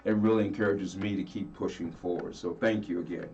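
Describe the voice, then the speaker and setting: A man, a singer as a guest, talking earnestly and warmly about his fans. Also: low-pitched, steady tone, a little fast, distant mic, lo-fi sound. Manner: earnest, heartfelt, laughs easily. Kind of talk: casual interview chat.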